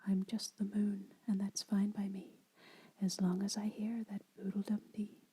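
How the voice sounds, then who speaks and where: A woman's voice: medium pitch, little pitch movement, unhurried, dark tone, husky. A woman voicing a contented singing moon in a sing-song whispered role-play for a storybook.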